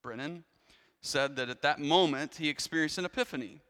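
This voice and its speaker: A man's voice: on the high side, brisk, pushed and bright, long reverb tail. A man preaching a sermon in a church, telling a story in a conversational way with frequent restarts and asides. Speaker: pastor.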